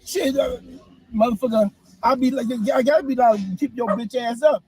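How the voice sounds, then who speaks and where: Brief: high-pitched man, loud, frantic and profane, comedy skit passenger, faint hiss behind. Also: moderate pace, rough recording.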